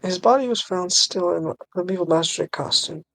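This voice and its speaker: Woman doing a stiff, low TV news anchor. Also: moderate pace, a bit bright, low-quality recording. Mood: formal. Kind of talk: streamer reading game dialogue aloud.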